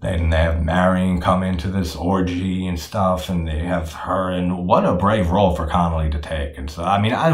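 A man's voice: low-pitched, roomy sound. A man talking casually and frankly about a film, swearing freely and using many fillers. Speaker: horror film reviewer.

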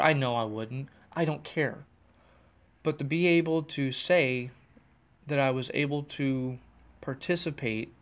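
Male podcast host, mid pitch, rambling and self-deprecating, recorded in a car. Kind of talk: casual solo podcast. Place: in a car on the road.

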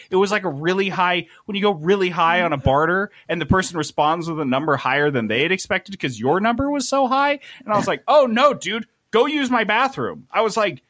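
A man on a podcast telling a story casually, animated and exasperated, swearing freely. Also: high-pitched, a little fast, few pauses, no echo, clean studio sound. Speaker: podcast host.

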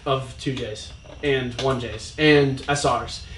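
A young man hosting a casual car podcast, talking excitedly and imitating turbo sounds. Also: mid-range voice, slow pace. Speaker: podcast host. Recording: echoey room, mic far off, faint noise.

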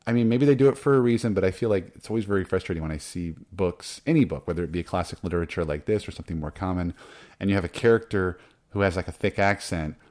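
Guy cohosting a book podcast, joking around, does little voices for characters, lowish voice. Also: quick pace, darkish tone. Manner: playful, acts out lines in silly voices. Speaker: podcast co-host. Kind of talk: casual book-club chat.

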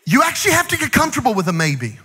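A man preaches a sermon in a large church auditorium, and his voice rings out with a long hall reverb. He keeps it lively and joking, slipping into acted-out asides before climbing to energetic shouts. His tone is bright and forceful. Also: extremely high pitch, rapid-fire, husky. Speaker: pastor.

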